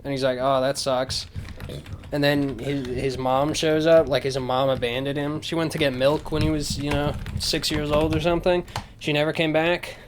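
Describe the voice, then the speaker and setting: A man with a slightly high voice rants casually into a close microphone, sarcastic and heavy on swearing. He rambles along with plenty of fillers, and a faint hiss sits behind him. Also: level tone, normal speed. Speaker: podcast host. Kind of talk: casual rant.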